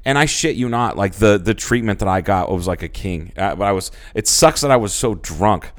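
A man's voice: on the low side, brisk, hardly any pauses. A man in his thirties, a podcast co-host, telling rambling stories in casual chat, swearing freely and acting out quotes. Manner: loose storytelling, swears freely, acts out quotes.

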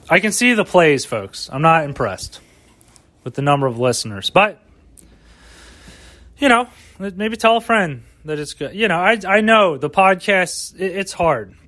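A man's voice: fairly high pitch, sharp tone, no echo. A man hosting a solo podcast, rambling casually with lots of swearing and mock pep talk, recorded outdoors. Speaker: podcast host.

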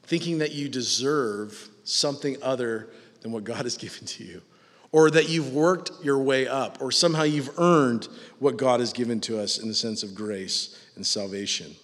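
A man preaching a sermon, animated and mocking in his asides, acting out the voices he quotes. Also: mid-range voice, normal speed, in a large hall. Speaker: pastor.

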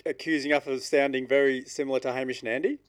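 A man's voice: medium pitch, fairly even intonation, quick pace. A man co-hosting a casual comedy podcast, laughing often. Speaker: podcast co-host.

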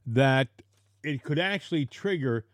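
A man's voice: mid-range voice, lively intonation, a little slow, no room sound, clean studio sound. A man co-hosting a political talk show, emphatic and repeating words as he argues.

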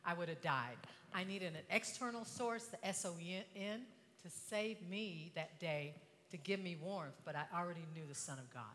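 An older woman with a drawl speaks to an audience, her voice bright and forceful. She swings from hushed, intimate tones to impassioned cries. She is heard from a distance in a large hall, over a faint background hiss. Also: fairly low pitch, normal speed. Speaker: inspirational speaker. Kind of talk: motivational talk to an audience.

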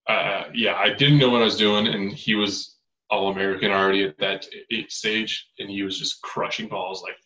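Bright, low young man in echoey room. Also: normal speed. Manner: relaxed, lots of "like". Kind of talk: casual chat. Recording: echoey room, dull lo-fi sound.

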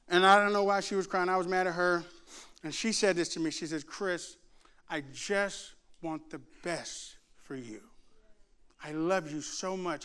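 A middle-aged man delivers a storytelling sermon, animated and funny, imitating the voices of the people in his tales. He has a high-pitched, clean tone. A congregation laughs along in the church.

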